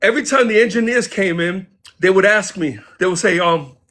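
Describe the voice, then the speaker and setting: A man guest casually telling stories from his past in an interview, animated and acting out the people he quotes. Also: sits high, brisk. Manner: animated, acts out quoted voices. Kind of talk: casual storytelling.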